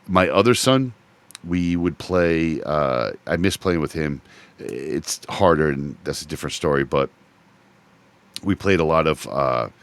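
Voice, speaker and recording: A middle-aged man hosting a podcast, chatting casually about games and telling animated stories, swearing freely. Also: low-pitched. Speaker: podcast host. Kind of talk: casual chat.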